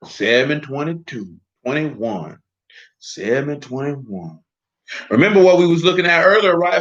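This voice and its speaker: A man preaching a sermon, animated and emphatic, with loose street talk. His voice sits a bit high for a man, and the recording is dull and lo-fi. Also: normal speed. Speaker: preacher teaching scripture.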